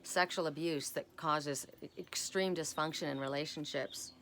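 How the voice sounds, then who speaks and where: A woman's voice: low-pitched, fairly even intonation, moderate pace, fairly bright tone, slight background noise. A woman giving a casual spiritual oracle card reading, chatty and rambling with personal asides, often tagging her points with "right?".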